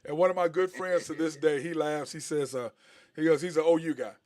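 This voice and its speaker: A middle-aged man, a former basketball player, co-hosting a casual sports chat, telling stories animatedly and mimicking other people. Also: brisk. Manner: animated storyteller, mimics others with big pitch jumps.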